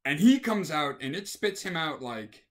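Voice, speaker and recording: A man's voice: fairly high pitch, moderate pace. A man telling a casual anecdote, acting out the scenes with voices. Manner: animated, acts out scenes with voices. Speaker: storyteller.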